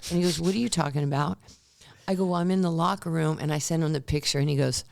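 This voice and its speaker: Fast and creaky, her deep voice carries animated stories told as a guest in a podcast interview. The speaker is a woman in her sixties who played basketball, and she acts out the quotes.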